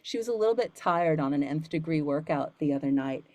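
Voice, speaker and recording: A woman's voice: deep voice, lively intonation, fairly quick, darkish tone, no room sound. A woman voiceover coach talking casually with students, earnest and rambling, with many fillers and restarts. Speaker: voiceover coach and studio founder.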